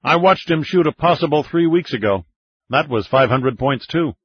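A seasoned American operative speaks dryly and briefly, in a husky voice close to the narrator's own, as a male narrator puts him on. The recording is dull and dry. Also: on the high side, expressive, normal speed, dry recording, pitched above the performer's own voice. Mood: matter-of-fact.

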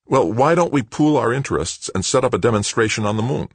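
A man voicing an eager, scheming businessman who pushes his deal with quick, emphatic lines. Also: mid-range voice, animated, slightly rough, dry recording, pitched above the performer's own voice. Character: eager scheming businessman son, adult male.

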